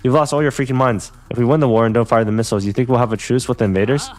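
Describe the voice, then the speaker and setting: A man's voice: medium pitch, fairly even intonation, racing, lightly acted. A man voicing a hot-headed, foul-mouthed young student fighter, crude and combative, over faint music. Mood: angry.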